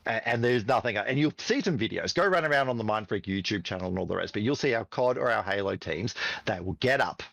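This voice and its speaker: A man in middle age, talking as a podcast guest with a wildly swinging, lively pitch and a passionate, profane delivery. His voice is close and dry, with no room sound around it. He sounds like he is chatting casually and telling stories. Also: fast talker, creaky, few pauses, no echo. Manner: animated, profane, fired-up storytelling. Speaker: podcast guest, esports team CEO.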